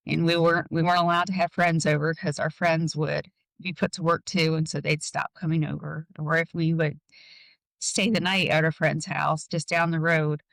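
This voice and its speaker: A woman guest in an interview, telling a personal story in a halting way, full of "like" and "um". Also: deep voice, level tone, vocal fry, no room sound, low-quality recording.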